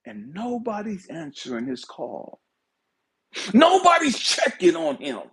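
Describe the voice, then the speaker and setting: A man giving an impassioned spiritual talk, swinging between hushed whispers and shouted pleas. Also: high voice, huge pitch swings, unhurried, slightly rough. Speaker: spiritual speaker. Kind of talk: impassioned motivational preaching.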